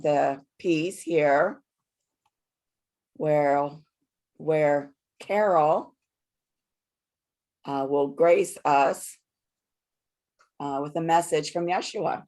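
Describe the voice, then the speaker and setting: Slow, low-voiced woman, soft and calm. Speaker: host of a spiritual group session. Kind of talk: calm group facilitation.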